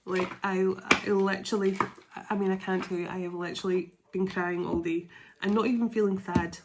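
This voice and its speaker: A woman doing a spiritual tarot reading to camera, emotional and excitable, reading card texts aloud. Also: medium pitch, fairly quick, heavy background noise. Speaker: tarot reader.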